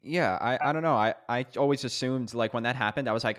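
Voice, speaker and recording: A man's voice: mid-range voice, fast talker, fairly bright tone. A man in casual film discussion, speaking hesitantly in trailing phrases.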